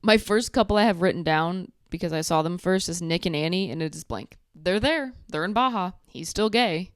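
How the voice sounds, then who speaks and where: A young woman recapping a reality show in a sarcastic, animated way, acting out what people said. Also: on the low side, moderate pace, clean tone, no echo, clean studio sound. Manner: sarcastic, animated, acts out quotes. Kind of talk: casual recap commentary.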